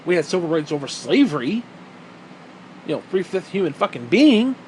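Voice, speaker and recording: A man's voice: on the high side, big pitch swings, normal speed, a little mellow, slight background noise, poor audio. A man ranting in a profane, heated monologue, sarcastic and mocking, swearing constantly. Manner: mocks others in put-on quoted voices. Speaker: vlogger.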